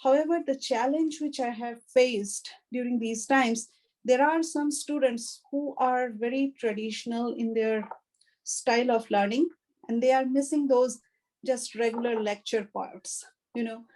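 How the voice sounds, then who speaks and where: A woman with a fairly high voice speaks over a video call in a faculty workshop. She talks at a measured pace and fills her pauses with "um" and "you know". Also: a little mellow, low-quality recording. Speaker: college instructor. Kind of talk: online faculty workshop discussion.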